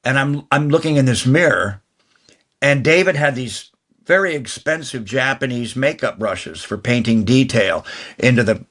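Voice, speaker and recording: An older man, a guest actor, telling long stories in an interview, talking fast and restarting phrases as he goes. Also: mid-range voice, a bit bright. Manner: fast, rambling talker who restarts mid-phrase. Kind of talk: anecdotal interview storytelling.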